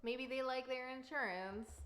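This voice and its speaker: A woman's voice: high voice, a little slow, background noise. A woman in her thirties chatting casually to camera while baking at home, rambling with lots of fillers. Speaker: vlogger and mother. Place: home kitchen.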